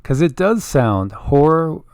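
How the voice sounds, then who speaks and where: A man's voice: a little high, big pitch swings, takes it slowly, gravelly, a little mellow, no echo, studio quality. Easygoing man chatting to viewers. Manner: easygoing, laughs often, thinks aloud. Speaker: channel co-host. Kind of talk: casual chat to viewers.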